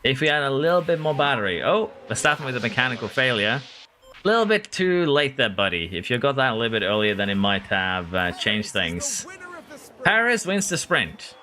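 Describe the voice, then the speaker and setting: A man streaming a racing management game, talking excitedly to his drivers and reading chat. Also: mid-range voice, fairly quick. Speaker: gaming streamer. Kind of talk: live game commentary.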